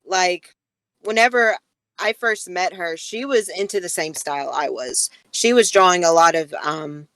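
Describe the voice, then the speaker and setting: A woman's voice: fairly low pitch, unhurried, a bit bright, no echo, poor audio. A woman co-hosting a podcast in casual chat, playful and teasing, laughing often. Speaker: podcast co-host.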